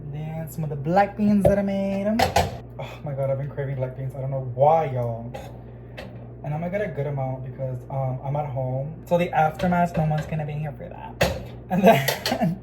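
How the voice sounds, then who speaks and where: A man chatting casually to his viewers in a home vlog, excitable and talkative, calling them y'all. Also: a little high, background noise. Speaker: plant vlogger. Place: home kitchen. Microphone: phone camera.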